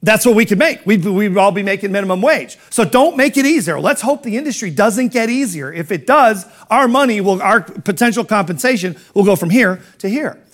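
A man's voice: sits high, expressive, brisk, hardly any pauses. Emphatic middle-aged man coaching. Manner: rhetorical questions, emphatic and conversational. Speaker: business coach. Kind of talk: motivational talk.

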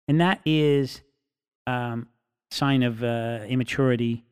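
A man's voice: mid-range voice, a little slow, clear, resonant tone. Guy ranting casually, lots of restarts, acts out what people say. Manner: animated, acts out quotes; rambling with restarts. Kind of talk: casual monologue.

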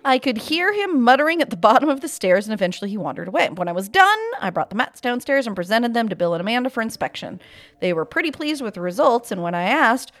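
Podcast host, woman, reads a spooky story aloud with a lively, swooping delivery and casual swearing. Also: fairly high pitch, fast talker. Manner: casual and profane, with deadpan asides. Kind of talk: reading a listener's story aloud.

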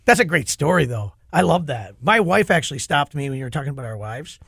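A middle-aged man hosting a podcast, an animated storyteller who acts out quotes in casual chat. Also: on the high side, fast, gravelly, husky, dry recording, studio quality. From Minnesota. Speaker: podcast host.

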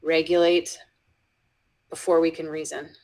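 A woman with a slightly low voice recounts a school incident as an interview guest. She restarts her sentences often and sinks into soft whispers whenever she quotes what was said. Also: level tone, measured pace, low-quality recording. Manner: drops into soft whispers when quoting, frequent restarts. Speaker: educator guest. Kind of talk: storytelling in a conversational interview.

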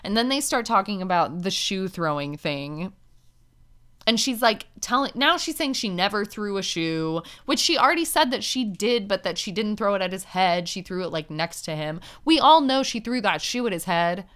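A woman hosts a podcast recapping a reality show, her mid-range voice expressive, a bit bright, and moderately paced. She talks candidly and chattily, using lots of "like" and laughing softly at her own points, indoors with street sirens nearby.

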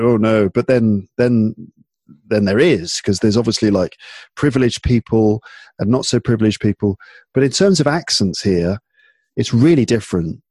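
A man's voice: medium pitch, a little mellow, no room sound. A man in casual, musing conversation, chatty and full of fillers as he thinks aloud. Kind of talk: casual chat.

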